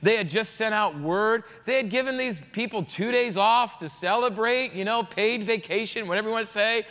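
A man, a pastor, preaching a sermon in a conversational, jokey, animated way. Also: sits high, moderate pace, big-room sound.

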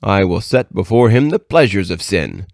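Eager, boastful little devils scheming to tempt a good man, as a man reading a storybook voices them. The voice is low and dry. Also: sing-song, normal speed, vocal fry, darkish tone, no room sound, exaggerated voice.

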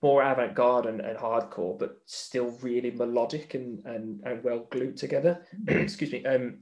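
A man's voice: mid-range voice, moderate pace, a little mellow. Hesitant man hosting a podcast. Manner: hesitant, lots of fillers and restarts. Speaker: podcast host. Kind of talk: casual chat.

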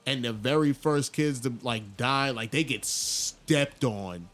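Podcast host guy telling a story all animated, casual talk, average pitch. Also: takes it slowly. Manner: animated storyteller, jumps into loud high voices for quoted characters. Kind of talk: casual podcast chat, retelling an anime scene.

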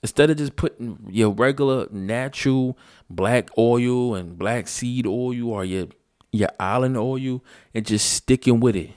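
This vlogger's voice is medium-pitched, unhurried, a little mellow and smooth, captured with clean studio sound and no echo. Yet his casual, unscripted rant is blunt and profane, and he repeats his points emphatically over and over.

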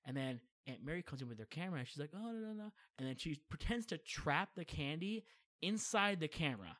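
A young man telling funny family stories in casual chat, animated and often acting out what people said. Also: fairly high pitch, brisk. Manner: animated, acts out quoted voices, laughs often.

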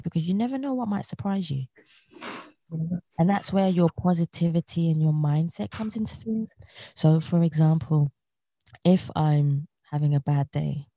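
A woman's voice: low-pitched, gravelly, dark tone, no room sound. A woman being interviewed, talking about her outlook in an earnest, motivational way and repeating her key phrases. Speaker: interview guest. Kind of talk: reflective interview talk.

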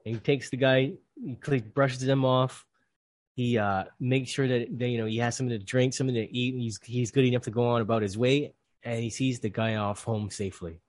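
A male mindfulness coach speaks as a podcast guest, telling his story in an animated way. His voice sits at an ordinary middle pitch. The recording is dry and close, with no room echo. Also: brisk. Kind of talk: casual interview conversation.

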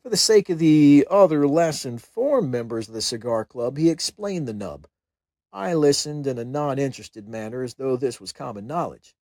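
A man's voice: mid-range voice, expressive, normal speed, warm tone, no echo. An American man, a chaplain and author, narrating his own humorous memoir in a wry, self-deprecating way. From United States.

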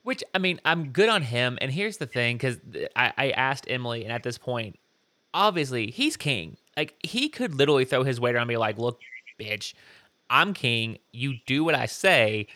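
A man with a bright, forceful voice co-hosts a casual podcast chat. He talks bluntly and conversationally. The sound is close and dry. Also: mid-range voice, sing-song, a little fast, no echo. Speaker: podcast co-host.

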